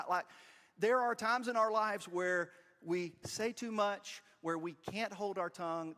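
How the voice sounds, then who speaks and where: A man, preaching a storytelling sermon in a church, animated and self-deprecating. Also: fairly high pitch. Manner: animated, self-deprecating, quotes family in voices. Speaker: pastor. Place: church sanctuary. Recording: long reverb of a church hall.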